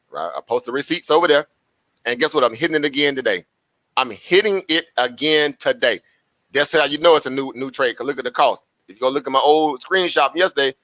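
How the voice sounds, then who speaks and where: A man's voice: mid-range voice, sharp tone, dry recording. A man hosting a live trading stream, chatty and repetitive, asking rhetorical questions and laughing often. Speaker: live-stream stock trader. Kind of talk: casual live-stream commentary.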